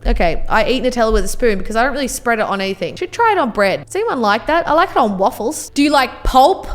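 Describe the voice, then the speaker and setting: A woman's voice: a little high, lively intonation, quick pace. A young Australian woman vlogging in casual chat, reacting to poll results, chatty and swearing freely. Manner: chatty, swears, does mock voices.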